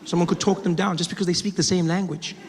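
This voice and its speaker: A man's voice: high-pitched, level tone, fast, long reverb tail, background noise. A male stand-up comedian performing a set, talking conversationally with self-mocking asides.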